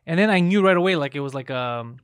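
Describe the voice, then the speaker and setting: Brash dude rattling off a story super fast, dry close sound. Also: male voice, on the high side, animated, smooth, dry recording. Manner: brash, profane, rapid storytelling. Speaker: podcast co-host. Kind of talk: casual chat.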